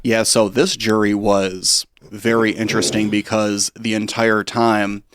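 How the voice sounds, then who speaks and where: Male guest, relaxed talker recounting events, low voice. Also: a little slow, background noise. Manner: casual, full of fillers like "you know". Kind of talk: telling his own story in an interview. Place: podcast studio.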